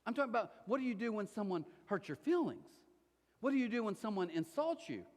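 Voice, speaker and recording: A man preaching a sermon as pastor, animated and conversational, often acting out quotes. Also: sits high, quick pace. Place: church auditorium. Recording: long hall reverb.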